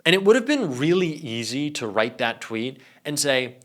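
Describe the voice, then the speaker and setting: A male political commentator in sarcastic, profane reaction mode. His pitch moves widely as he mocks his subject, at an ordinary middle pitch. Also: very animated, normal speed, fairly bright tone.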